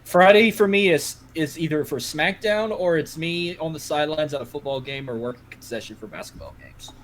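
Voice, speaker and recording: A man's voice: a little high, a little fast, a little hiss or hum. Brief: Cajun man, podcast co-host, rambling, profane, casual. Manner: rambling, profane, heavy on filler "like".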